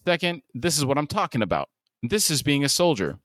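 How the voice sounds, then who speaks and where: A man voicing a blunt, hard-bitten male soldier who speaks slowly and flatly. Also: a little high, dry recording, studio quality. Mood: gruff.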